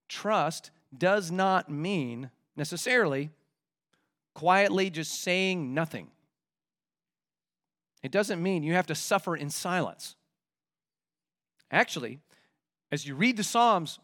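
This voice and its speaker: A male pastor preaching a sermon in an animated, conversational way, with vivid everyday examples. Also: sits high.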